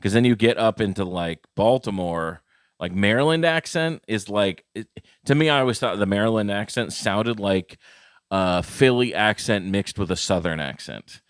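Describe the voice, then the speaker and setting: Casting: low-voiced male podcast co-host, rambling casual chat, dry close sound. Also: normal speed, clear, resonant tone, no room sound. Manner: rambling, loose, full of restarts and fillers.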